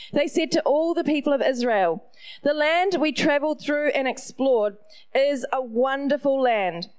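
A middle-aged woman with a New Zealand accent, preaching a sermon in an animated storytelling way with playful asides. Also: on the high side. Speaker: pastor.

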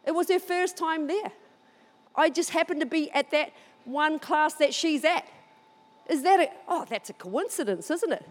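Animated high-voiced woman preaching in a hall. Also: moderate pace. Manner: animated storytelling, excited outbursts. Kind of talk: sermon with personal story.

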